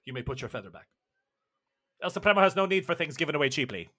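A man voicing a meek male servant who speaks in a low, deferential tone. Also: very animated, fast, sharp tone, exaggerated voice. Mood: subdued.

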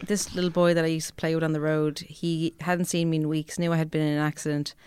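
A woman's voice: sits low, little pitch movement, quick pace, a little mellow, clear, resonant tone. A young woman telling candid stories in casual chat as a guest reviewer, swearing freely.

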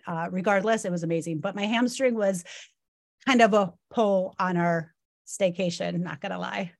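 Podcast co-host, woman, animated storyteller who laughs often, dry close mic. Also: medium pitch, no echo. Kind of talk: casual chat. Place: Los Angeles area.

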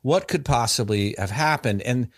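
A man's voice: medium pitch, moderate pace, no room sound, studio quality. A man hosting a podcast, telling a story in casual chat. He rambles, restarts often and uses many fillers.

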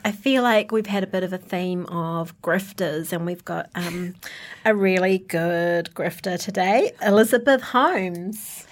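A woman's voice: fairly low pitch, unhurried. A woman, co-hosting a podcast and leading segments in casual chat. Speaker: podcast co-host.

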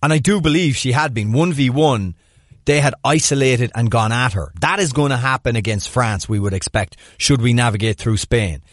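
A man's voice: medium pitch, normal speed, no room sound. Dry-voiced man breaking down plays. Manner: animated, breaks down plays in detail. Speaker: podcast co-host. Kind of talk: casual sports analysis chat.

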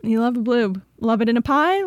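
Upbeat higher-voiced woman co-host. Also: expressive, a little fast, no echo, clean studio sound. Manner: chatty, laughs often, upbeat. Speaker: podcast co-host. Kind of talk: casual chat.

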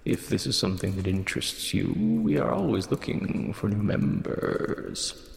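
Guy doing a big gentle robot-ish guy, sing-songy and super formal, gravelly, slow. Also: low voice, reverberant, long reverb tail, exaggerated voice.

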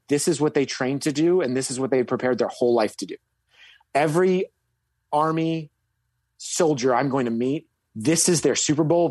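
A man's voice: darkish tone, breathy edge, dry recording. Rambling storytelling man, dry sound. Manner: rambling, many fillers and restarts, sudden emphatic pitch jumps. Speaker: guest recounting military service. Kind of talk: casual storytelling.

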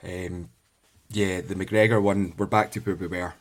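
A man's voice: low voice, steady tone, measured pace. A man talking hesitantly and thoughtfully in a casual football podcast chat. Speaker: podcast co-host.

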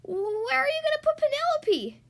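A woman squeaking as a cheeky little schoolgirl. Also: very animated, moderate pace, heavily acted. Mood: pleading. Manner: high and squealy.

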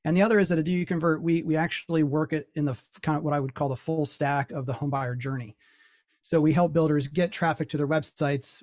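A man's voice: medium pitch, darkish tone, no room sound. A man talks freely as a podcast guest, often repeating words as his thoughts form. His mid-range voice is captured close and dry. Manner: talkative, repeats words while thinking. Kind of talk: casual interview talk.

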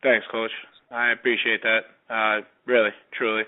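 A man talking as a podcast guest in casual conversation, halting with many restarts. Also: lowish voice, little pitch movement, narrow, tinny audio.

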